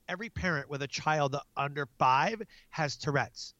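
A man in his thirties tells lively stories about his family and acts out his own frazzled outbursts. His voice sits in the middle range. The sound is dry with no room around it, and slightly dull. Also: on the high side, normal speed, no echo. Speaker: guest; military non-commissioned officer. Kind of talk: casual storytelling interview.

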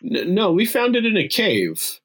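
Husky-voiced tabletop player. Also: mid-range voice, huge pitch swings, measured pace, fairly bright tone. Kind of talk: in-character tabletop play.

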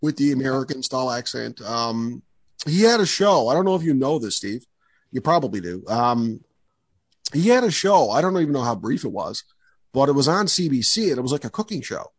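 A man's voice: medium pitch, sing-song, fairly quick, husky, dry recording. A man hosting a podcast in casual chat, enthusiastic and rambling with lots of fillers. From Canada. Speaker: podcast host.

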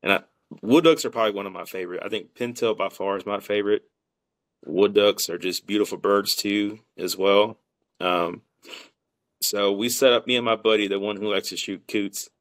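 A man with a drawl and a fairly low voice tells his hunting mishaps in a lively, rambling way, stumbling over restarts and acting out what everyone said. The recording is dry and close, with no room sound. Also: normal speed, no echo. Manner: animated storyteller who acts out quotes, with many restarts. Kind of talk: casual hunting podcast storytelling.

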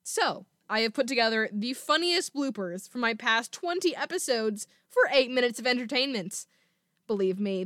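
A woman's voice: on the high side, fairly bright tone, no echo, clean studio sound. A woman hosting a podcast, chatting casually and poking fun at herself. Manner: chatty, self-deprecating. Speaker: podcast host.

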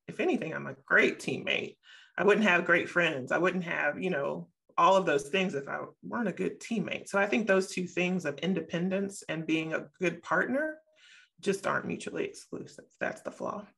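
A middle-aged woman co-hosting a casual panel discussion, making measured, reasoned points and repeating them for emphasis. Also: lowish voice, expressive, vocal fry, fairly bright tone. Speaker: co-host.

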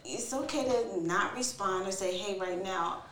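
Soft-spoken woman, far off in an echoey room. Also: mid-range voice, a little slow, slight background noise. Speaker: guest, co-parent. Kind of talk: casual conversation.

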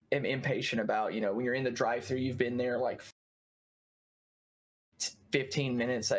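A man, a streamer chatting casually, rambling with lots of fillers and laughing often. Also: mid-range voice. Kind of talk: casual chat.

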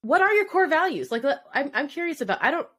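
A woman's voice: high voice, sing-song, quick pace, fairly bright tone. A woman co-hosting a casual podcast chat, reflective, asking probing questions and laughing easily. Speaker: podcast co-host.

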